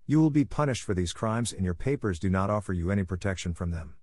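Man doing kindly old lord, grave, measured, deep, dry. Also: animated, darkish tone, no room sound. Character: kindly, honorable older lord become king.

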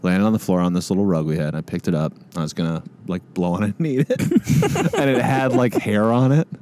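A man's voice: fairly low pitch, a little fast. A man co-hosting a podcast in casual chat, telling stories with frequent laughter. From American Midwest. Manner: animated storyteller, laughs often. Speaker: podcast co-host.

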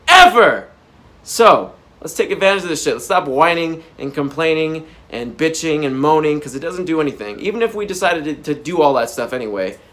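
A man ranting to camera as a motivational vlogger, blunt and profane, with sudden loud bursts. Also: a little high. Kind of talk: unscripted motivational rant to camera. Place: indoors by a whiteboard. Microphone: camera framing him at a whiteboard.

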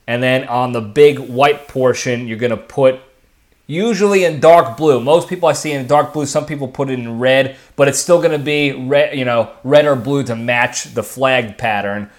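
A man's voice: mid-range voice, normal speed. Chatty man giving casual advice. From lives in Texas. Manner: chatty, keeps checking in with okay and all right. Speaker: podcast host. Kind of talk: casual solo monologue.

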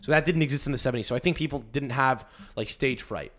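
A man's voice: medium pitch, quick pace, a bit bright. A man from Canada, hosting a podcast as a comedian and riffing animatedly with frequent restarts. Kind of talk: casual podcast monologue.

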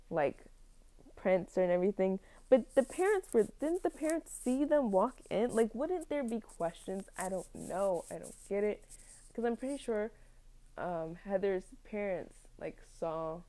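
A young woman talks through a story in a loose, rambling way, full of fillers and little laughs. Her voice is mellow and dark, sitting at a middle pitch. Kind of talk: casual plot recap.

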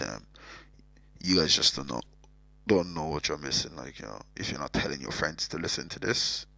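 The Cork-accented Irishman hosting this podcast has a gravelly bass voice with a slightly bright edge, heard on a dry, rough recording. He rambles casually through his solo intro, cracking jokes, swearing a lot and breaking off to start over.

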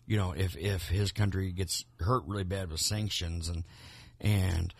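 A man's voice: low-pitched, steady tone, measured pace, vocal fry, breathy edge, no echo. A man co-hosting a podcast, talking casually about the news in a rambling way, with many restarts and repeated words. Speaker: podcast co-host. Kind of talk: casual political chat.

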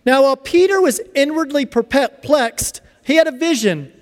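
A man preaching a sermon in a church, reading scripture and explaining it in an animated way. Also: very high-pitched, normal speed. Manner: animated, acts out little dialogues. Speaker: pastor. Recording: long reverb of a large hall.

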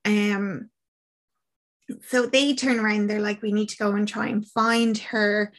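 An Irish woman chatting casually, telling a film's story in an animated way with lots of fillers. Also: medium pitch, moderate pace. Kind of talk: casual film recap chat.

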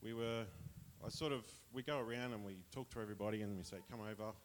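A man's voice: fairly low pitch, fairly even intonation, quick pace, a little hiss or hum. Chatty Australian man giving testimony. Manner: chatty, rambling, laughs often. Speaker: church member sharing testimony. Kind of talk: casual testimony to a congregation.

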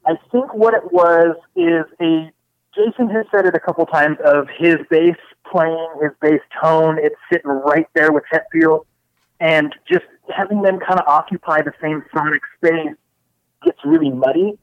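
Thoughtful guest on a dull, lo-fi line. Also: male voice, fairly high pitch, steady tone, normal speed, dry recording. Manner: thoughtful, articulate. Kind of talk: casual chat.

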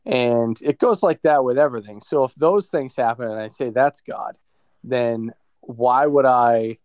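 A man chatting casually on a podcast, reflecting in a relaxed, conversational way. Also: medium pitch, measured pace, dry recording. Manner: reflective, talks about faith.

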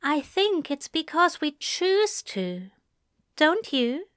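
A tender male angel speaks in a raised, lilting murmur, as a woman reading the story puts him on. The voice stays soft and gentle and is recorded close and dry. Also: high-pitched, very animated, slow, no room sound, voice pushed up, full character voice.

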